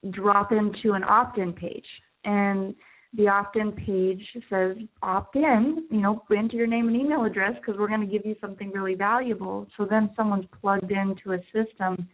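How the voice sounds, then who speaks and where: A woman business coach, a podcast guest, giving enthusiastic advice in conversation. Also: medium pitch. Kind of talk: conversational interview. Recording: tinny phone-like line.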